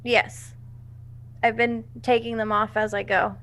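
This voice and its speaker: Gravelly-voiced woman player. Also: a little high, level tone, measured pace, a bit bright. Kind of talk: casual tabletop play.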